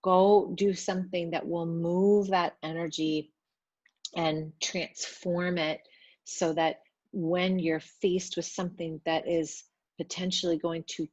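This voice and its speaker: A woman giving a loose, chatty spiritual talk to viewers, with many fillers, trying to speak gently. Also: lowish voice, flat delivery, slow pace, dry recording, highs cut off. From Italian family background.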